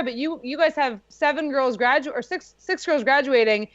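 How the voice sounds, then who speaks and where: A woman's voice: high-pitched, normal speed, a bit bright, no room sound. Chatty young woman, dull lo-fi sound. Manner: chatty, lots of "like", laughs while telling. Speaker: guest. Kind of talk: casual storytelling.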